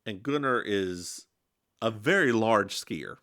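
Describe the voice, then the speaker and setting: A man's voice: on the low side, expressive, slow, pushed and bright, no echo, studio quality. A man co-hosting a podcast, chatting casually and campily while recapping a TV episode. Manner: chatty, giggly, campy. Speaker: podcast co-host.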